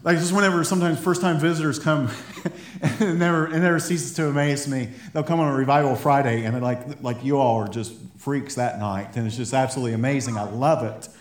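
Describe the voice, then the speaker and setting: A man preaching a sermon to his congregation, animated, laughing often and repeating words as he goes. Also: medium pitch, fairly quick. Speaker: pastor. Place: church hall. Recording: echoey church room.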